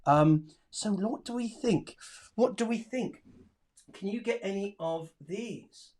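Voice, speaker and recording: A teacher runs a live online lesson for children. The voice keeps up a steady stream of encouragement, reading pupils' answers aloud and piling on praise. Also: mid-range voice, slow pace. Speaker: primary school teacher.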